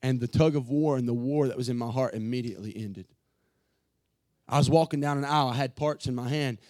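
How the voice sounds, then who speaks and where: A pastor preaching an emotional sermon from the pulpit, earnest and building to fervent passages. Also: male voice, mid-range voice, brisk, a little mellow, no room sound.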